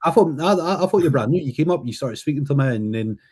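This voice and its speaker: A man's voice: fairly high pitch, expressive, a little mellow, slightly rough. A man hosting a podcast, speaking hesitantly with many restarts. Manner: hesitant, halting. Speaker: podcast host. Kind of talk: casual chat.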